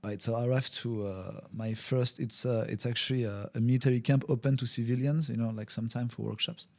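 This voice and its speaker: A man's voice: medium pitch, fairly even intonation, a little fast, darkish tone. A man, a guest on a podcast, telling a story in conversation. He acts out the scenes with quoted voices, uses non-native phrasing, and often restarts his sentences. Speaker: podcast guest, wellbeing consultant.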